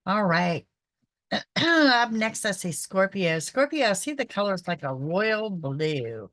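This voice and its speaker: A woman's voice: medium pitch, very animated, slow, fairly bright tone, dry recording. A woman, a psychic host giving a casual, chatty horoscope reading, often checking in with "okay?". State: throat irritated by pollen. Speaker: psychic reader, show host.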